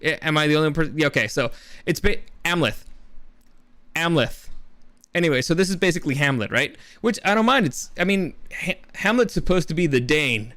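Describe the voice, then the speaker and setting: A man's voice: fairly high pitch, lively intonation, a little fast, fairly bright tone, dry recording. A young man casually reviewing films, rambling and enthusiastic, with many restarts. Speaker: movie reviewer. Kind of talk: casual spoken film review.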